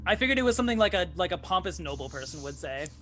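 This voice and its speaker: A man chatting casually about a tabletop game session, rambling with lots of restarts and filler words. His voice is a touch high and very bright. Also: very animated, rapid-fire, a little hiss or hum.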